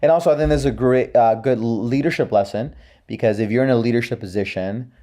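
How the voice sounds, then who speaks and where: A man's voice: medium pitch, brisk, dark tone. A man hosting a podcast, talking in a reflective, coaching way and repeating words as he goes. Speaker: podcast host. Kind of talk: casual podcast conversation.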